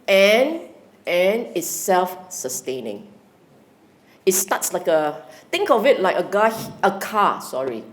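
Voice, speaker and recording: Woman meditation teacher, lively talk that questions her listeners. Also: fairly low pitch. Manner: lively, questioning the audience, acting out inner voices. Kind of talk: Dharma talk to a class.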